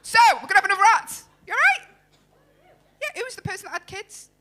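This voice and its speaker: High, lively woman compering a comedy night. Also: fast talker. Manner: teasing, banters bluntly with the audience. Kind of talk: crowd work and introducing acts. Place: comedy club stage.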